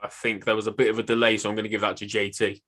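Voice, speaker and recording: A man hosting a casual online quiz with friends, reading out quotes in a flat voice and joking with the players. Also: fairly low pitch, very fast, faint music behind. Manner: banters and reads quotes in a flat voice. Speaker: quiz host.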